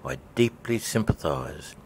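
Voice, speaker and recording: A man's voice: extremely low pitch, expressive, unhurried, darkish tone, slight background noise, voice pushed down. A man voicing a pompous, sly and sentimental old male walrus in a storybook reading. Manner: theatrical, raised storybook voice.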